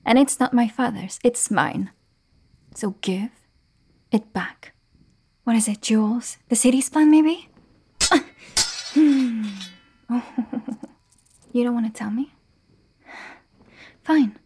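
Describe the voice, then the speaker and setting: A woman's voice: on the high side, slow, pauses often, darkish tone, breathy edge, heavily acted. A young woman playing a defiant, haughty noblewoman with a sword in a whispered role-play. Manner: haughty, demanding.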